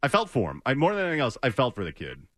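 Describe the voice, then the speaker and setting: A man's voice: mid-range voice, wildly swooping pitch, very fast, a bit bright, dry recording, clean studio sound. A man hosting a sports talk radio show, speaking earnestly and rambling with many hesitations.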